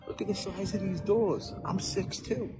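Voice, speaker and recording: A man vlogging on a tourist outing while high, talking in a giggly, loose, joking way. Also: normal speed, over loud music. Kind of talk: casual vlog.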